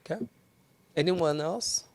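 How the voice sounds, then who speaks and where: A man hosting a casual podcast, steering the talk with short questions and quick "okay"s. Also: a little high. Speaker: podcast host.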